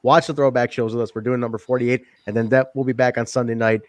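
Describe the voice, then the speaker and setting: A man's voice: mid-range voice, level tone, fast talker, no echo. A man hosting a wrestling podcast, signing off with loose, profane banter. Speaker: podcast host. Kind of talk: casual chat.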